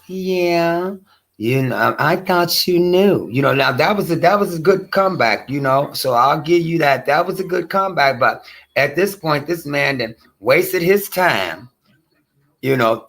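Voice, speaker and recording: A man hosts his show and reacts to a clip in a loose, rambling way, filling his talk with easy asides. His voice has a bright, forward edge at a middle pitch. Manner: conversational, rambling, full of fillers. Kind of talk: casual reaction commentary.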